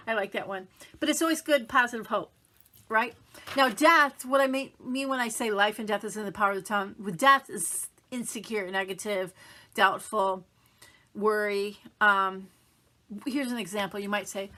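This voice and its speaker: Middle-aged woman, motivational vlogger; bright, chatty, upbeat delivery that acts out quoted self-talk. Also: mid-range voice, moderate pace. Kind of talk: casual motivational talk to camera.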